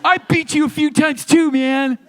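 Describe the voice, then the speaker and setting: A man doing an impression of a grown man who hates losing, in a high, strained, yelling voice. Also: steady tone, measured pace, dry recording. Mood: indignant.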